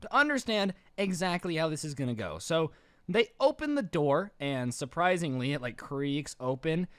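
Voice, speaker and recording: A man tells a story in a casual, joking way, tossing in exaggerated asides. His voice is high and very lively, swooping up and down. The sound is dry and close, with no room echo. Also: normal speed, smooth. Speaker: storytime narrator.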